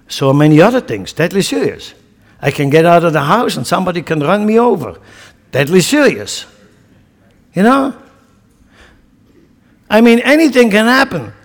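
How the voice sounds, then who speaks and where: A man's voice: sits high, big pitch swings, normal speed, pauses often. A man preaching a sermon with impassioned, rhetorical delivery and scornful asides. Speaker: pastor. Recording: long hall reverb.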